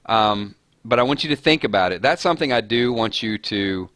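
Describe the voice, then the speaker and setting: A man's voice: on the low side, lively intonation, a little fast, a bit bright, no echo, clean studio sound. A man hosting a casual live-stream chat, rambling and chuckling as he talks. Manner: rambling, chuckling, self-deprecating. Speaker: host.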